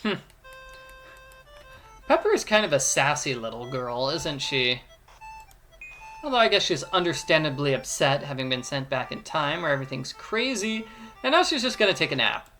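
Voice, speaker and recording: A man's voice: a little high, sing-song, moderate pace, long pauses, bright, forceful tone, faint music behind. A man giving a playful walkthrough of an adventure game, explaining each step and joking along. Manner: playful, explains steps, jokes and does voices. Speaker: let's play commentator.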